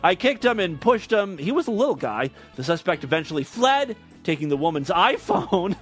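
A man's voice: sits high, very animated, normal speed, faint music behind. A man hosting a comedy show, reading news stories aloud and breaking in with crude, sarcastic asides. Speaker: podcast host.

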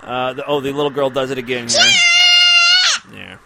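A man's voice: medium pitch, moderate pace, vocal fry, heavy background noise. A man hosting a crude comedy podcast, introducing clips with sarcastic quips. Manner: sarcastic, wisecracking. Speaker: podcast host.

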